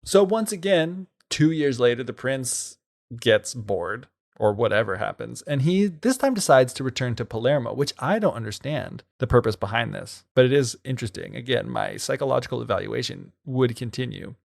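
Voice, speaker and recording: A man's voice: mid-range voice, expressive, moderate pace, gravelly. A man co-hosting a podcast, retelling a folktale in casual chat and playfully acting out the characters. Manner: playful, acts out characters with sarcastic quoted voices.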